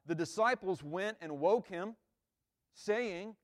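A man's voice: fairly high pitch, normal speed. A man preaching a sermon in a conversational way, often checking in with "right?" and acting out quoted lines. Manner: acts out the disciples' lines with rising emphasis. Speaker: pastor.

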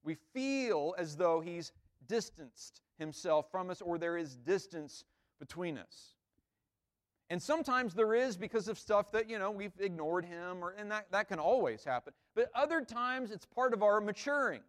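A man's voice: high-pitched, lively intonation, moderate pace. A man, a pastor, giving a conversational sermon in an informal way, repeating words and checking in with the listeners.

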